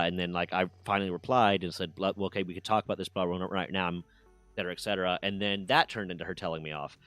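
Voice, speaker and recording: A man's voice: sits low, bright, forceful tone, dry recording. A man streaming, casually telling a personal story with candid swearing and mock voices for others.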